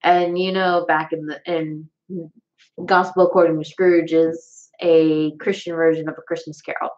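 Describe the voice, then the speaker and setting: Rambling Southern woman, lower voice. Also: level tone, a little slow, a little mellow, dull audio. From Southern United States. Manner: rambling, self-deprecating, lots of restarts. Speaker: vlogger. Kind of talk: casual chat to camera.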